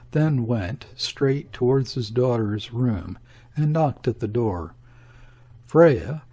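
A man reads a classic novel aloud in a measured, even narration. His delivery is slow and unhurried, with a husky, slightly breathy texture at a middle pitch. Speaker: audiobook narrator.

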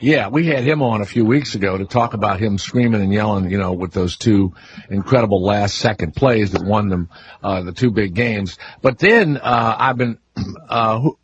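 A man's voice: on the low side, moderate pace, a little hiss or hum. A man from New Orleans hosting a radio talk show, asking questions in a rambling way with many restarts. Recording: dull lo-fi radio audio.

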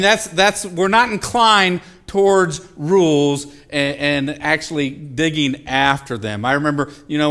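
A man's voice: on the high side, a bit bright. A middle-aged male pastor preaching a sermon in a loose, joking, conversational way, often asking the congregation questions. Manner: conversational, jokey, asks the audience questions. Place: church sanctuary.

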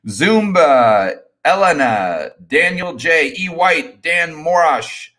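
A middle-aged man hosting a casual live stream Q&A, talking with energetic, rambling enthusiasm and repeating his words. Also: on the high side, slow pace. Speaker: host.

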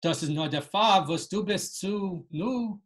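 A woman reading aloud the lines of a stern, folksy older female professor, slowly and carefully. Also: on the low side, pitched above the performer's own voice, lightly acted. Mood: earnest. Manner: slow careful reading of quoted dialogue.

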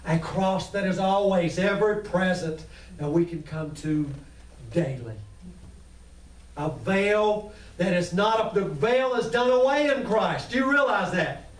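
High-voiced man preaching in an echoey church. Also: lively intonation, takes it slowly. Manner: impassioned, preaching, calls to the congregation. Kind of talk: sermon. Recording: echoey room, mic at a distance.

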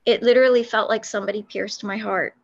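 A woman recounting a personal faith experience in an interview, speaking earnestly with many pauses and restarts. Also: mid-range voice, fairly even intonation, creaky, highs cut off. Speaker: guest telling her faith testimony.

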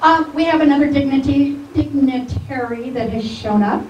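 A high-voiced woman chairs a meeting in a chatty, loose way. Her voice comes from a distance, echoing in the room over a clear hiss. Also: moderate pace, highs cut off. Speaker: meeting moderator.

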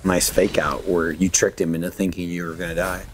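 A man's voice: low voice, flat delivery, a little fast, slight background noise. A man co-commentating a let's play, teasing his friend and laughing. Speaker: co-host commentator. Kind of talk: gameplay commentary.

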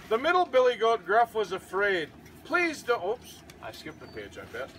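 Guy reading a kids story out loud to his goats, high bright voice, chatty asides. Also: slight background noise, rough recording. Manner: animated reader, chats to the goats between pages. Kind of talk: storybook read-aloud.

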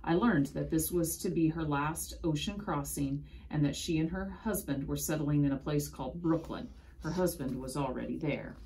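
A woman reading a children's picture book aloud in expressive first-person storytelling. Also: low voice, slight background noise. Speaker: storybook reader.

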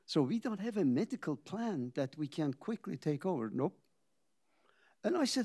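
An older man, a company founder, tells his story in a reflective talk, pausing for drama and acting out the conversations he recounts. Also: on the high side, big pitch swings, dark tone, husky. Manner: dramatic pauses, acts out quoted dialogue.

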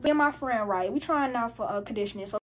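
A teenage girl telling a story in casual chat, animated and full of profanity and slang. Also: a little high, quick pace. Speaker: vlogger.

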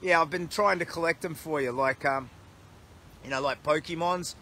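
An Australian man on a charity walk livestreams outdoors beside a road while resting against a tree, reading viewer comments aloud in a casual, upbeat way. His voice is on the high side and sharp, at a moderate pace, with slight background noise.

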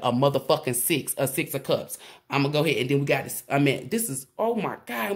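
A woman giving a casual tarot reading to camera, excitable and profane, rambling with frequent restarts. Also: sits low, husky. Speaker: tarot reader.

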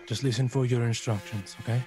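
A man playing in a tabletop game, calm and firm. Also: medium pitch, fairly quick, music in the background. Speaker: player.

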